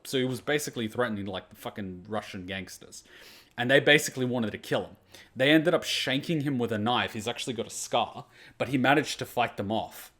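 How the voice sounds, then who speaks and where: Swearing guy telling a story. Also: mid-range voice. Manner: animated, swears freely, lots of "like" fillers. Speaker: reaction channel host. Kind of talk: casual storytelling.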